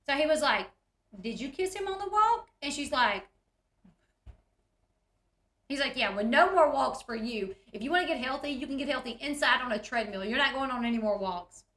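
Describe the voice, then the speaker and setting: A woman's voice: sits high, lively intonation, moderate pace, a bit bright, echoey room. A woman, retelling reality TV scenes in a chatty, giggly way and acting out the quotes. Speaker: recap host. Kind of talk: casual reality TV recap.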